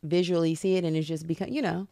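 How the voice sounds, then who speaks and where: A woman with a deep, raspy voice co-hosting a podcast in casual chat, playful and teasing. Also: steady tone, fast talker, mellow, no echo, studio quality. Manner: playful, teasing, laughs often. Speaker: podcast co-host.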